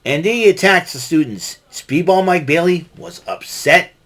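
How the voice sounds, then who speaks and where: A man's voice: a little high, moderate pace, a bit bright. A man giving a casual solo wrestling recap, rambling with many fillers and restarts.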